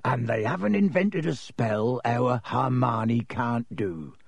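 A man voicing a huge, gruff but kindly gamekeeper who growls his words. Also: a little high, sing-song, normal speed, darkish tone, dry recording, voice pushed up, exaggerated voice. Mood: hearty. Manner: growling, hearty.

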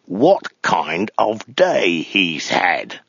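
A man's voice: on the low side, slow pace, creaky, sharp tone, slightly rough, no room sound, full character voice. A man voicing a brutal soldier who barks and snaps orders, in a dull, dry recording. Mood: harsh. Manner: barking, snapping, hissing.

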